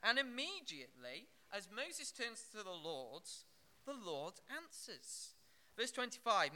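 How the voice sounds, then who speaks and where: A man delivers an expository sermon in a lively, searching way, pausing with fillers and restarting phrases. His voice sits high and very bright, and it rides up and down with wide swings of pitch. The tone is clean and clear. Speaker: preacher.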